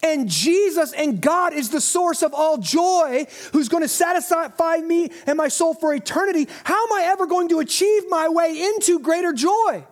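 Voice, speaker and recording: A middle-aged man preaching a sermon as a pastor, swinging between impassioned calls and quiet, intense asides. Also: very high-pitched, lively intonation, moderate pace.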